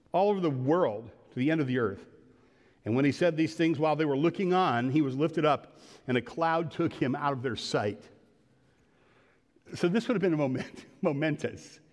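A man's voice: a little high, animated, normal speed, a little mellow, long reverb tail. A man preaching a sermon as pastor, folksy and rambling, correcting himself and acting out little conversations. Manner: folksy, rambling with self-corrections and acted-out dialogue. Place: church sanctuary.

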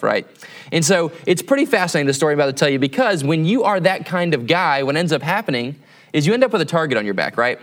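A man's voice: a little high, fairly bright tone. A man preaching as a campus pastor in a conversational sermon, often checking in with tag questions.

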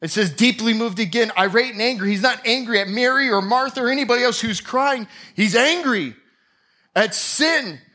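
A male pastor with a high, bright voice delivers a sermon. He tells the story dramatically, swinging from hushed, low passages to loud, acted-out scenes. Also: moderate pace.

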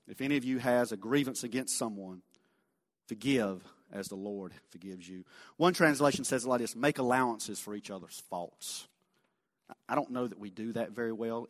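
A man telling a folksy mission story in a sermon, animated, then dropping quiet for emphasis. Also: on the low side. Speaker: lay speaker sharing a mission story. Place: church sanctuary. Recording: long church reverb.

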